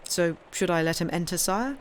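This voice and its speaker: A woman's voice: lowish voice, lively intonation, moderate pace, a little hiss or hum, lightly acted. A woman reading aloud, voicing an eager, loyal older duke at court. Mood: pleading. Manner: earnest, pleading.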